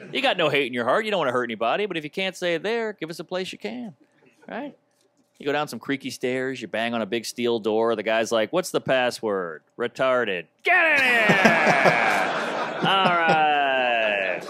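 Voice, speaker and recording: A man's voice: mid-range voice, big pitch swings, quick pace, fairly bright tone. A man performing a stand-up comedy set on stage into a handheld mic, with a wry, mock-offended delivery.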